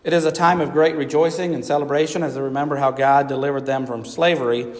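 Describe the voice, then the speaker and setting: A man voicing a gentle, patient mother donkey in a spoken storybook, speaking softly and reassuringly. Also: medium pitch, fast talker, lightly acted. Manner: soft, calm, reassuring. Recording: reverberant hall.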